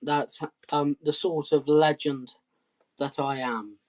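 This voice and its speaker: Slow, hesitant deadpan man. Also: fairly high pitch. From southwest England. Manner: hesitant, full of ums and restarts, deadpan. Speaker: comedy musician hosting a live stream. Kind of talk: rambling comic patter between songs.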